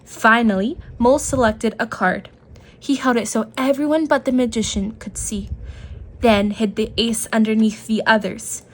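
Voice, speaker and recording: A woman narrating a children's picture book aloud in a gentle, expressive way. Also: a little high, moderate pace. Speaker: storyteller.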